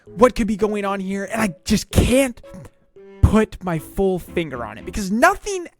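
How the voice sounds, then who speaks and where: An online commentator in a casual video, excitable and stammering, firing off rhetorical questions. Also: medium pitch, a little slow, soft background music.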